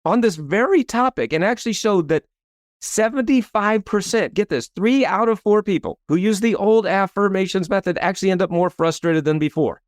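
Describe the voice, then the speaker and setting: A man's voice: sits high, normal speed, no room sound, clean studio sound. A man in his fifties, a coach and author telling a story as a guest in a podcast interview, emphatic and salesy, often tagging his points with a rhetorical question. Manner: animated, tags points with rhetorical "right?".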